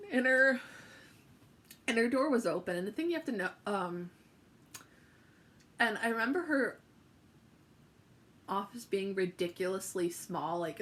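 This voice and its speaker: A young woman vlogs a personal story to the camera, chatty and emotional, full of fillers and restarts. Her voice sits at medium pitch and sounds a bit bright.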